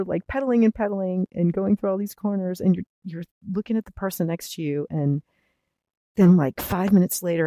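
A woman leaving a recorded message with racing advice, talking in a lively, emphatic, chatty way. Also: on the low side, no echo, rough recording. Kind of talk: casual advice.

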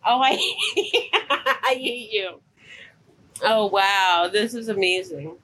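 Bright, lively-voiced young woman chatting. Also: medium pitch, very slow, breathy edge. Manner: expressive, exclamatory. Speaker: podcast guest. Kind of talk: casual chat.

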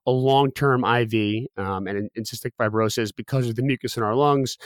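A man in his thirties, a podcast guest, telling a personal story quickly with many restarts and fillers. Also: medium pitch, no room sound. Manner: rapid, with frequent restarts and fillers.

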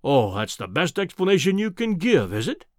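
A man's voice: very animated, moderate pace, darkish tone, no echo, studio quality. A man voicing a scornful, overbearing male professor of science in a storybook reading. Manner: booming, overbearing, mocking.

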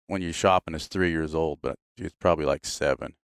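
A man's voice: rumbling low, a little fast, creaky, clear, resonant tone, dry recording, studio quality. A man telling hunting stories on a podcast in a casual, laughing way, often quoting others. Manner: laughing, animated storyteller doing quoted voices. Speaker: podcast guest. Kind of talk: casual storytelling.

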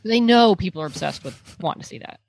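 A woman's voice: on the low side, animated, fast, gravelly, darkish tone. A woman co-hosting a podcast in casual chat, talking in loose, rambling runs that she restarts often. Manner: chatty, trails off and restarts, playful sound effects. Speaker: podcast co-host.

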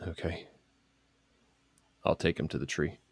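A man's voice: a little slow, no room sound. A man playing a tabletop game, chatting casually with amused asides about his next move.

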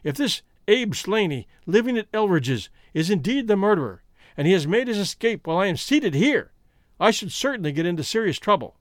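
A man's voice: high voice, big pitch swings, fairly quick, no echo, studio quality. A man voicing a worried, doubtful male police inspector who keeps questioning. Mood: anxious.

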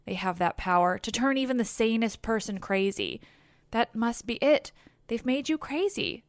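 Distrustful grieving queen, read by a woman, tired and sharp-tongued, close dry recording. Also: a little high, very animated, normal speed, no room sound. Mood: scolding. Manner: scolding, weary disbelief.

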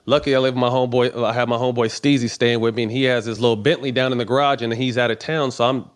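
A man's voice: mid-range voice, rapid-fire. A middle-aged man casually telling a long personal story, swearing often and acting out the dialogue. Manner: profane, animated storytelling with quoted dialogue. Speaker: podcast guest.

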